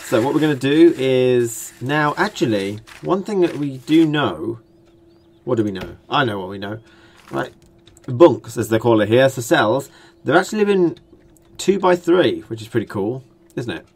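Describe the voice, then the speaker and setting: A man's voice: mid-range voice, lively intonation, moderate pace. A young British man, a gaming channel host, giving rambling, jokey let's-play commentary while he builds in a game. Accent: British English. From Britain.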